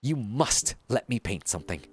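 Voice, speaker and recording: A flamboyant, self-important art master, read aloud by a streamer playing a video game, who speaks in lofty, theatrical lines. The pitch sweeps widely from line to line, lending each pronouncement a grandiose lilt. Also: very animated, normal speed, slight background noise, lightly acted. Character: pompous flamboyant art teacher. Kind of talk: reading game dialogue aloud.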